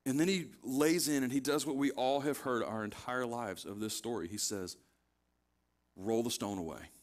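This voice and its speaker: A male pastor at a middle pitch for a man, preaching in a relaxed, conversational way. He retells scripture like a story, acting out the scenes, and hammers home his points by repeating them earnestly. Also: moderate pace. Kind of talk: conversational sermon.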